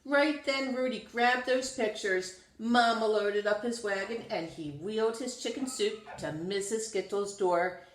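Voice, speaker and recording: A woman reading a children's storybook aloud in an expressive, sing-song storytelling manner. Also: medium pitch, a little slow. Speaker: storybook reader. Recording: roomy echo.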